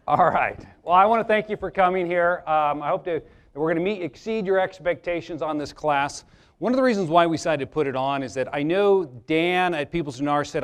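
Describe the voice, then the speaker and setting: A man's voice: a little high, brisk. A man, an attorney, giving a live workshop talk to an audience, chatty and joking as he tells stories. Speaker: attorney presenting a seminar.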